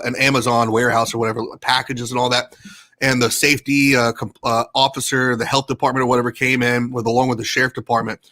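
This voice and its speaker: A man's voice: medium pitch, fairly bright tone. A man who is a podcast guest, ranting indignantly and with plenty of swearing in a casual group chat.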